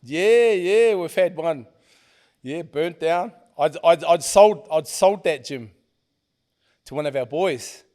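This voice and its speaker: A middle-aged man, a podcast guest, telling stories in a casual, animated way and swearing freely. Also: fairly high pitch, takes it slowly. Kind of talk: casual storytelling.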